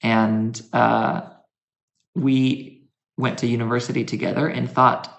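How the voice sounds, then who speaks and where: A man's voice: medium pitch, flat delivery, creaky, a bit bright, echoey room. A man with an American accent, speaking as a guest lecturer in an easygoing, chatty way. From United States. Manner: easygoing, chatty, slow and thoughtful. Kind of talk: casual conversational talk.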